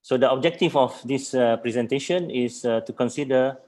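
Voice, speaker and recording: A man from Malaysia delivers a conference talk over a video call. He pauses often, fills gaps with "um" and clears his throat, at an ordinary mid pitch. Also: darkish tone. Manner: hesitant, many fillers and throat clearing. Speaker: conference presenter. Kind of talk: academic conference presentation.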